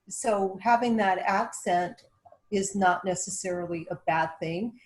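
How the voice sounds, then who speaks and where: A woman's voice: fairly low pitch, darkish tone, poor audio. A woman taking part in a workshop on a video call, adding her view in a friendly, conversational way. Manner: friendly, conversational, uses fillers. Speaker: workshop participant. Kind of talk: workshop discussion comment.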